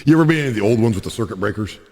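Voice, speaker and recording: A man with a very low, husky voice trades quick, dry jokes in casual conversation. His words carry a long, hall-like reverb. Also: expressive, darkish tone. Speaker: podcast co-host. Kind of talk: casual chat.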